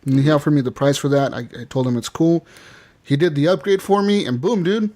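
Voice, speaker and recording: A man's voice: a little high, a little fast, mellow. A man hosting a podcast, telling a long rambling story in casual chat, swearing freely. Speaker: podcast host. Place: podcast studio.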